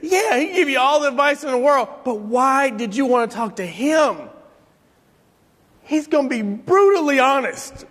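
Guy telling stories to a crowd, lively, laughs a lot, big echoey hall. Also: very high voice, moderate pace. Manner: animated storyteller, acts out voices, laughs often. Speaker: speaker telling stories about his father. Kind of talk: storytelling talk to an audience. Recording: long hall reverb.

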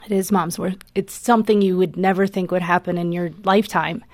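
A woman's voice: lowish voice, fairly even intonation, brisk, no room sound, studio quality. A mother, a guest on a radio interview, tells her story in an earnest, emotional way. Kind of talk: personal testimony in an interview.

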